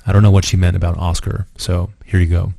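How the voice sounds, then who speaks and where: Male course instructor, very deep voice, matter-of-fact, dry close mic. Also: little pitch movement, quick pace, creaky, mellow, dry recording. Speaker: dating coach. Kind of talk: recorded course lesson.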